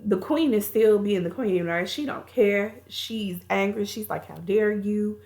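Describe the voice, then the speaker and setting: A woman's voice: medium pitch, unhurried, darkish tone. A woman reviewing a movie, recapping the plot in a chatty, colloquial storytelling way.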